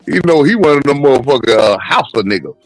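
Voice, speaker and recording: A man's voice: mid-range voice, very animated, quick pace, no echo, soft background music, low-quality recording. A man in casual panel chat, crude and mocking, laughing as he talks. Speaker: panel caller.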